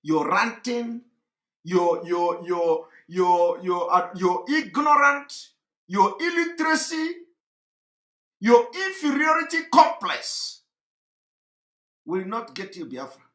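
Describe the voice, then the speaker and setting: A man delivering an impassioned, mocking monologue, often shouting and repeating himself. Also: high voice, sing-song, takes it slowly, pauses often, roomy sound. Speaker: commentator.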